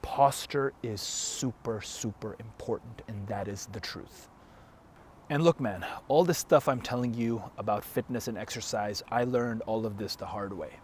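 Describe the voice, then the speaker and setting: A man's voice: on the low side, moderate pace, darkish tone, a little hiss or hum. A man giving an emphatic, blunt motivational talk straight to the camera as a fitness coach, with frequent swearing. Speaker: fitness and self-help coach.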